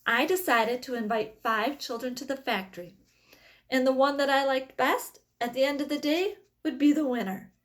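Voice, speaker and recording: A woman reading aloud, voicing a whimsical, excitable man who makes candy, in a brisk, cheerful tone. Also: sits high.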